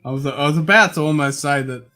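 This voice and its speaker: A man's voice: a little high, fast, bright, forceful tone, faint music behind. A man with an Australian accent hosting a casual whisky tasting chat, laid-back and sweary, laughing often.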